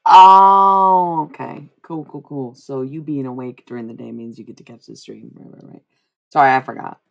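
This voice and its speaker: A woman's voice: extremely low pitch, moderate pace, creaky, lo-fi sound. A young woman livestreaming, chatting casually and giving psychic readings, rambling and repeating herself with frequent laughs. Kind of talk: casual live-stream chat.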